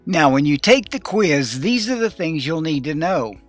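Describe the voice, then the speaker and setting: Male teacher, slightly raised pitch, patient lesson delivery with slow sounded-out words, soft music behind. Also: big pitch swings. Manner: explanatory, slows to spell out Hebrew words. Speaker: Hebrew teacher. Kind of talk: recorded lesson.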